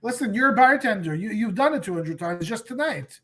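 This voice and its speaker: Husky, lively woman co-host. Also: medium pitch, brisk. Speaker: podcast co-host. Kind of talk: casual fan recap chat.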